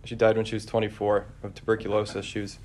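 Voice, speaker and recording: A man preaching a conversational homily, relaxed and searching, with frequent fillers and restarts. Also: lowish voice, fast.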